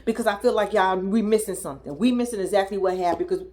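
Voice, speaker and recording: A young adult woman comments quickly on a TV episode in a casual, profane reaction, as a reality TV commentator. Incredulous and animated, she often mimics people in high squeals.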